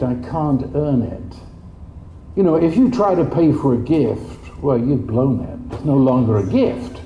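A man preaching a sermon in an animated way, jumping up in pitch for quoted voices. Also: measured pace, a little hiss or hum. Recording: dull, echoey room.

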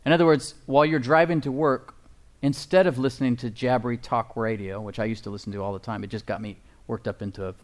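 A man's voice: mid-range voice, steady tone, quick pace. A man preaching a sermon as pastor, emphatic and folksy, often asking the congregation for agreement and chuckling at his own points.

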